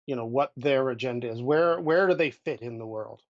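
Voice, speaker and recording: A podcast co-host and game master chats casually about running tabletop games, thoughtful and drifting loose and slow, with many restarts. His mid-range voice comes through a dry, muffled recording.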